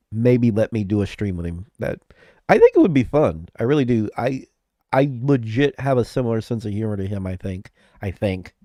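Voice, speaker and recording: Sick, rambling man with a mellow voice. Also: medium pitch, dry recording, studio quality. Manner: rambling, self-interrupting, laughs often. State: sick with flu-like symptoms. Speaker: live streamer. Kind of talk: casual live-stream chat.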